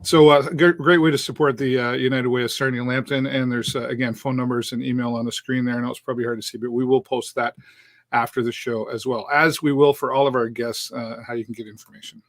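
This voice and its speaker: A man's voice: medium pitch, steady tone, fast talker, no room sound. A middle-aged man from Canada hosting a live show, talking casually and upbeat with many fillers. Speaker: host.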